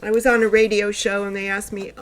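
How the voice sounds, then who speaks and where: A woman's voice: medium pitch, flat delivery, fast. A woman astrologer hosting her horoscope channel, talking casually in a loose, rambling way. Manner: chatty and rambling, with many fillers and restarts. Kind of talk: casual spoken horoscope monologue.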